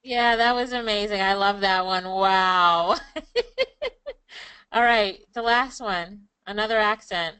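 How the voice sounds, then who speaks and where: A woman host with a bright, smooth, clear voice leads the chat. She praises her guest readily and keeps the mood light. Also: mid-range voice, slow, rough recording. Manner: warm, encouraging, laughs often. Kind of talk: interview chat.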